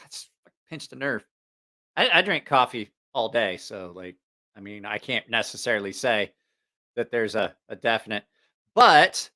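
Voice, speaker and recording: A man's voice: mid-range voice, sing-song, a little slow, pushed and bright. A man hosting a live stream, telling a rambling, profane story in a casual way and laughing at his own jokes.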